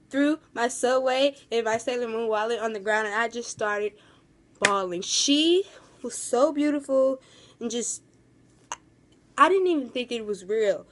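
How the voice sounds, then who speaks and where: A young woman vlogging in a casual, rambling storytime, gushing and full of fillers. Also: on the high side.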